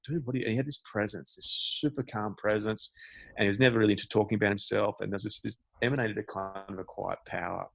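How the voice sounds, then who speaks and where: Low gravelly man telling a story. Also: no room sound. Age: 40s. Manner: reflective, animated storyteller with frequent restarts. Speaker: podcast guest, meditation teacher. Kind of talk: candid storytelling in a podcast conversation.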